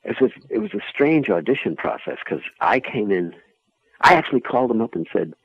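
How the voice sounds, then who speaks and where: A man, an actor being interviewed, chatting in a relaxed, rambling, self-deprecating way. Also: fairly low pitch, a little fast, husky, no echo, phone-quality sound. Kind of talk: casual interview chat.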